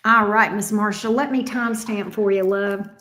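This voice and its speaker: A woman's voice: medium pitch, fairly even intonation, normal speed, a bit bright. A woman reading tarot on a live stream, chatty and emphatic, repeating each question aloud as she shuffles. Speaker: tarot reader. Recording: roomy echo.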